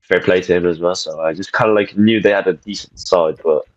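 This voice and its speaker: Male co-host, very deep voice, muffled lo-fi mic, easygoing and hesitant. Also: steady tone, a little fast. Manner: laid-back, hesitant. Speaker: podcast co-host. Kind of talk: casual chat. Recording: dull lo-fi mic.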